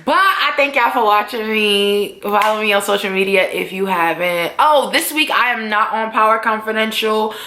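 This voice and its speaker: A young woman vlogger recapping a TV episode in casual chat, animated and profane, acting out the characters' lines. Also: medium pitch, normal speed, few pauses, reverberant, slight background noise.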